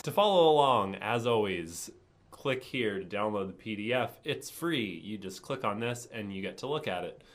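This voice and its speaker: Jokey low-voiced man teaching bass. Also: fairly bright tone. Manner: jokey, chatty, upbeat. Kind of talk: casual music lesson.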